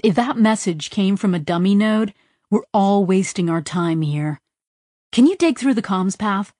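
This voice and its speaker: A woman's voice: mid-range voice, lively intonation, a little slow, dry recording, studio quality. A woman narrator voicing an agitated woman who presses hard with urgent, swearing questions. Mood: tense. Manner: urgent, swearing, rising to near shouts. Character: agitated adult woman, sharp and frantic.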